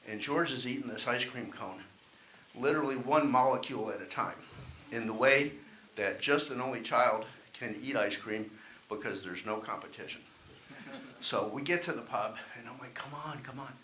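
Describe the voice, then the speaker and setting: A man's voice: medium pitch, moderate pace, bright, forceful tone. Wry man doing stand-up. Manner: wry, self-deprecating storytelling. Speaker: stand-up comedian. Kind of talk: stand-up set at open mic. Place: open mic club. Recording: echoey room, faint hiss.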